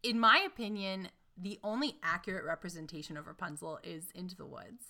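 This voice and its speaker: Casual female co-host, bright voice, animated and wry. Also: fairly low pitch, fairly quick. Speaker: podcast co-host. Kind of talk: casual chat retelling a fairy tale.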